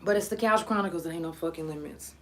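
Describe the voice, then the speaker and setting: A young woman hosting a podcast, telling a story in blunt, profane, animated casual talk. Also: fairly low pitch, fast, background noise. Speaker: podcast host.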